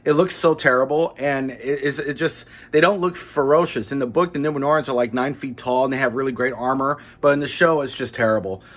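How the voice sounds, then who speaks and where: A man's voice: medium pitch, a little fast, hardly any pauses. A man hosting his own channel, giving a blunt, dismissive and complaining spoken review of a TV episode in a casual, unscripted way. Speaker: host of a pop-culture review channel.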